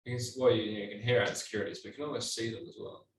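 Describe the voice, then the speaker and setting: A man's voice: medium pitch, fairly even intonation, rapid-fire. A man co-hosting a podcast over a Zoom call, talking in a laid-back, hesitant way with many ums. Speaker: podcast co-host. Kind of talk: casual comedic chat. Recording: echoey room, distant from mic, faint noise.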